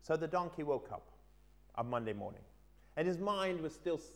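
Earnest male preacher, slightly high voice. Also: normal speed, gravelly. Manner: earnest storytelling, swinging between lively emphasis and quiet asides. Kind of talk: sermon.

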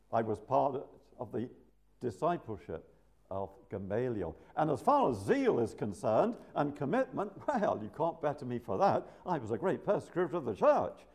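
Lively preacher man, animated swings. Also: mid-range voice, vocal fry. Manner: lively, drawn-out emphatic quoting, chuckles to the congregation. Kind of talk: sermon. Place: church.

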